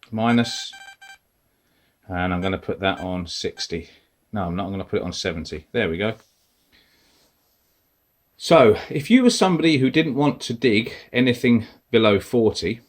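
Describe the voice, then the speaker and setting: A man casually walking through device settings step by step, talking as he presses buttons. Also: lowish voice. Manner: relaxed, explains step by step while pressing buttons. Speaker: metal detecting tutorial host. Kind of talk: casual instructional walkthrough.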